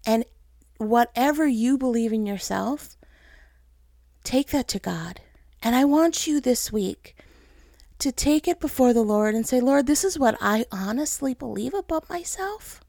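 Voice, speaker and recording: A woman in her thirties preaches a heartfelt, personal sermon and talks straight to her listeners. Her voice sits a little high, with a gravelly fry running through it. The sound is dry and close, with almost no room echo. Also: expressive, unhurried, warm tone. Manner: earnest, emotional, speaks to listeners as "guys". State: tearful. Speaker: pastor's wife giving a message.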